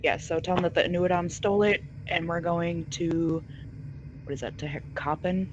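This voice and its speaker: Casting: higher-pitched male player, soft and unsure. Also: steady tone, moderate pace, muffled recording, slight background noise. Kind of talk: casual tabletop play.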